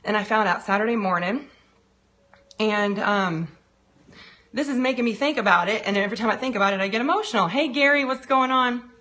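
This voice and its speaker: A woman streaming live as a coach, her voice bright and sitting a little high. She calls out viewers by name with energy, then turns earnest and heartfelt, close to tears. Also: brisk. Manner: upbeat, greets viewers by name. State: holding back tears. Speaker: financial and business coach.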